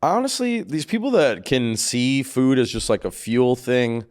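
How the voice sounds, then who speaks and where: A male comedian guest rants in animated, profane bursts during loose podcast banter. His voice sits at a middling pitch for a man. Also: measured pace.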